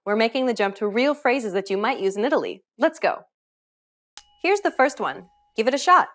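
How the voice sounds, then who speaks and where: Woman, scripted lesson narrator, clear and instructive, animated delivery. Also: a little high, normal speed. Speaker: language teacher.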